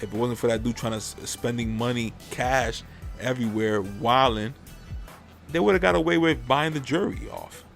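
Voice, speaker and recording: A man's voice: medium pitch, normal speed, vocal fry, a bit bright, soft background music. A man hosting a podcast in casual chat, rambling and swearing freely as he airs his opinions. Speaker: podcast host.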